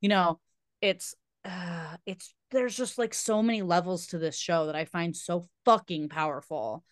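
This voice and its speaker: A woman co-host talks at length in a rambling, emphatic way. Her voice sits a little low and the recording is dry and close. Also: measured pace, no room sound. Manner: rambling, emphatic, many fillers. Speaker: podcast co-host. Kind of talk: casual chat.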